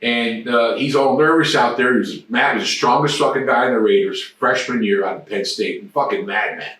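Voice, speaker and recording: A man in his sixties, appearing as an interview guest, tells rambling, profane anecdotes in a casual storytelling way. His mid-range voice has a fairly bright tone and moves at a normal speed. The recording sounds very echoey, with the mic placed far away.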